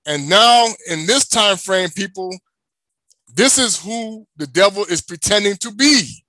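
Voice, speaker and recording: A man with a high, bright, ringing voice preaches with emphasis. He keeps asking the listener questions and then answering them himself. The sound is close and dry, with no room echo. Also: animated, measured pace. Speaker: religious teacher. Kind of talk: preaching to an online audience.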